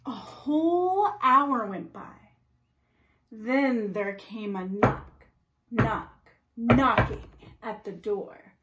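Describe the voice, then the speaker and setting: A preschool teacher reading a storybook aloud to young children in a slow, expressive, sing-song way. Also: female voice, on the high side, background noise.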